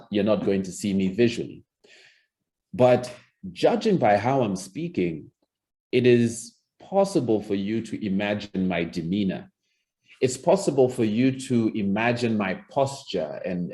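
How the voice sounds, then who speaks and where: A man's voice: fairly low pitch, a little mellow. A man teaching presentation skills as a public speaking coach, demonstrating by shifting his tone and pace. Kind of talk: recorded presentation lesson.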